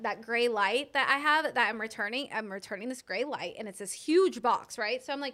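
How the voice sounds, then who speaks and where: Woman, high voice, bright tone, animated storytelling, casual chat, lots of "like". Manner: animated storytelling with many "like" fillers. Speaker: small business owner.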